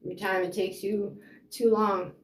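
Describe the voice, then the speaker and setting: A woman's voice: mid-range voice, little pitch movement, normal speed. A woman telling her own story of a custody fight, rambling and frustrated, with lots of fillers. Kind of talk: personal storytelling. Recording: roomy echo.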